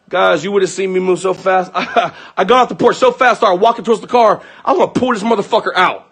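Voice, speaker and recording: 화난 목소리로 욕설을 섞어 말하는 남자. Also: male voice, sits high, quick pace, few pauses, a bit bright, husky. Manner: heated, profane, acts out quoted lines. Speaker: vlogger. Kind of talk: angry personal account to viewers.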